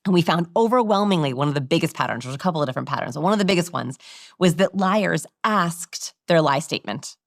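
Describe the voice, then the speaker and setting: Low voiced woman researcher, animated interview talk, dry close mic. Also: quick pace, vocal fry, dry recording. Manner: animated, demonstrating vocal examples. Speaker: communication researcher and guest. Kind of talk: expert interview explanation.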